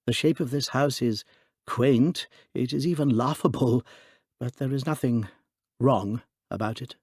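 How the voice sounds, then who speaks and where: A male audiobook reader voicing a small, mild priest who speaks in a low, dreaming, intense way. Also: measured pace, darkish tone, husky, dry recording, clean studio sound. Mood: earnest, insistent.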